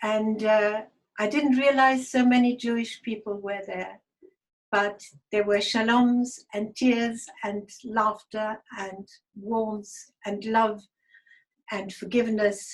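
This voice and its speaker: A woman telling a personal story to an online group over a video call, halting and hesitant, with many fillers and restarts. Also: medium pitch, little pitch movement. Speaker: guest speaker. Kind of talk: personal testimony talk.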